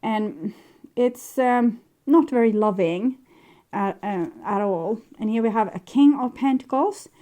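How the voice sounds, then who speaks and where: A woman reads tarot cards aloud in a loose, meandering monologue. She hesitates often and corrects herself as she goes. Her voice is somewhat high but soft and mellow. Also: unhurried. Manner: meandering, hesitant, many fillers and self-corrections. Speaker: tarot reader.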